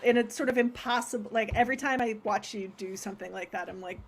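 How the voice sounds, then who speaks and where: A woman's voice: fairly high pitch, quick pace, background noise. A woman hosting a livestream, chatting casually and rambling with lots of fillers and effusive praise. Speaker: festival host.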